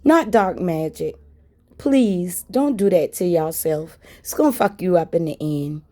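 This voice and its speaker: A woman's voice: fairly low pitch, lively intonation, measured pace, dark tone. A woman telling a story to her viewers in a blunt, frank way, with swearing. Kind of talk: casual story time.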